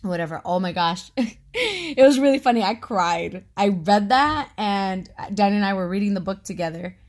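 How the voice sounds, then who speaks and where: A woman in her thirties chatting casually as a podcast co-host, talkative and quick to laugh. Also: medium pitch, expressive. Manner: chatty, laughs often, talks a lot. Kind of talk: casual conversation.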